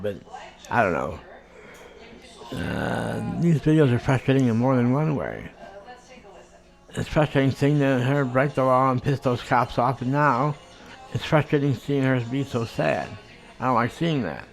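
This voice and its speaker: A man giving casual commentary on a video he is watching, talking conversationally and thinking aloud with hesitant pauses. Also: mid-range voice, lively intonation, vocal fry, soft background music.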